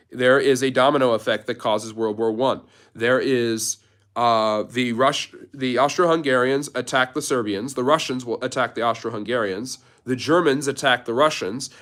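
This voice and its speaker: A man's voice: medium pitch, a bit bright. A man hosting a live history Q&A, explaining events step by step in a storytelling way. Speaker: history channel host.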